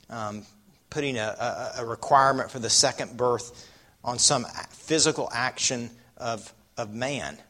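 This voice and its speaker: Guy preaching a sermon, bright voice, keeps asking the crowd questions. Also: mid-range voice. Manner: asks the listeners rhetorical questions.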